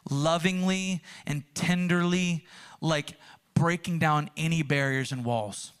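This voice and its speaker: A young man preaching a sermon, earnest and animated, acting out quotes as he tells stories. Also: on the high side. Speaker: pastor.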